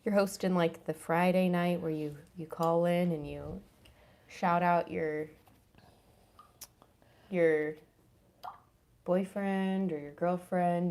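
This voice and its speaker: A woman co-hosting a painting stream, talking in a slow, hushed library voice and reading out viewer comments. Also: fairly low pitch, fairly even intonation. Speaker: co-host, reads viewer comments. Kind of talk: casual chat.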